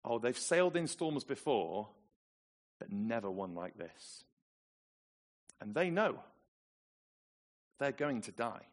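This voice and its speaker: A man from England preaching a sermon, telling the story with lively, dramatic emphasis. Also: medium pitch, takes it slowly, long pauses.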